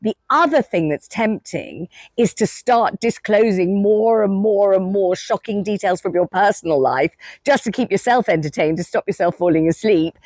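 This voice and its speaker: A woman's voice: mid-range voice, a little mellow, no room sound. A woman in her sixties giving chatty, gushing commentary on reality TV, repeating words for drama.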